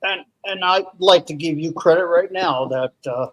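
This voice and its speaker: An older man, a retired police captain, talking as a guest in a casual chat, halting and full of fillers. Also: fairly high pitch, a crowd in the background, poor audio. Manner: halting, many fillers and restarts.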